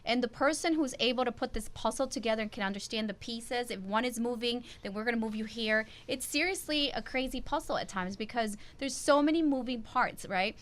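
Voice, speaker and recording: A woman's voice: fairly high pitch, brisk, hardly any pauses, fairly bright tone. A woman hosting a casual panel chat, explaining things with enthusiasm. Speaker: host.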